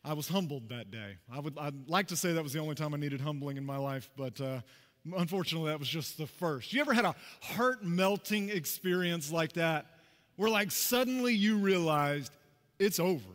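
Preaching at a moderate pace in a church sanctuary, a pastor with a slightly high voice tells a personal story with animation and conversational asides to his congregation. A long reverb tail follows his words.

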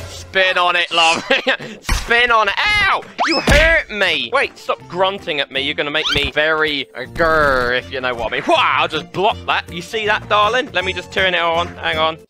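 A man giving playful commentary on a VR game, laughing often and yelling in the fights. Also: fairly high pitch, poor audio. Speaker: gaming YouTuber. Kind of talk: VR gameplay commentary.

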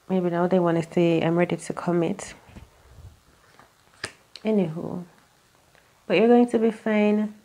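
A woman's voice: lowish voice, mellow. A woman giving a casual tarot reading in a rambling, chatty way, full of fillers and asides. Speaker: tarot reader.

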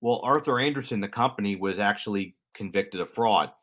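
A young man with a lowish voice talks through a story on a podcast. He rambles and corrects himself as he goes, slipping in dry jokes along the way. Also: fairly quick, a bit bright. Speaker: podcast co-host. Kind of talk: casual explanatory chat.

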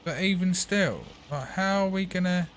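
A man commentating a video game as he plays, chatty and excitable, talking to the game as he goes. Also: high-pitched, normal speed, slight background noise. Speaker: gaming channel host. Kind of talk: gameplay commentary.

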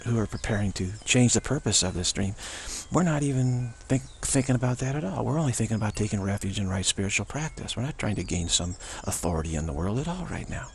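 A man's voice: on the low side, animated, fast talker, vocal fry, few pauses, slight background noise. A man giving an unscripted spiritual teaching outdoors, rambling and repetitive, often restarting his sentences.

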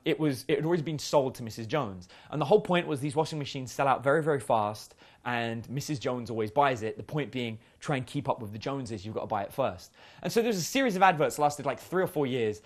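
Lively chatty man coaching. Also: fairly high pitch. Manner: chatty, uses many fillers and acted quotes. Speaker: dating coach. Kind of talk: casual seminar talk.

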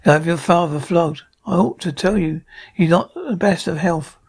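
A man's voice: on the high side, normal speed, gravelly, breathy edge. A man reading a scheming male villain in an amateur audio drama, speaking with cold threat. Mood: menacing. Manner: coldly threatening.

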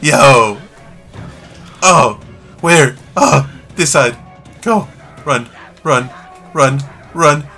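Guy playing a scary game, cursing nonstop, high voice all over the place, faint music under him. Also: sing-song, slow pace, pauses often, breathy edge. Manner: swearing constantly, slangy, yelling in panic. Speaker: gamer playing a horror game. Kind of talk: let's play commentary.

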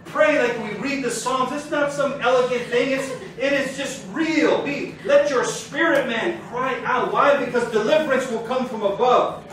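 A man's voice: very high-pitched, moderate pace, a bit bright, slight background noise. A man teaching a sermon before a congregation, fervent and building in intensity as he preaches. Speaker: Torah teacher. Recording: very echoey room, mic far off.

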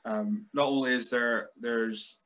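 A man's voice: medium pitch, steady tone, takes it slowly, fairly bright tone. A Scottish man hosting a wrestling podcast, chatting casually in a rambling, self-mocking way. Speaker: podcast host.

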